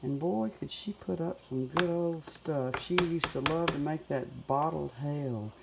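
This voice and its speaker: A woman's voice: sits low, a little slow, gravelly, very noisy. A middle-aged woman with a Southern US accent, chatting folksily in her home kitchen as she cooks. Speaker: home cook. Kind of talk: casual cooking demonstration.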